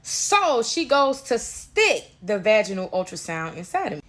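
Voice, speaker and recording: A woman's voice: a little high, very animated, unhurried. A woman telling her story casually, quoting others along the way. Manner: chatty, recounts with quoted dialogue, drops to quiet. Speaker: storyteller in played storytime clip.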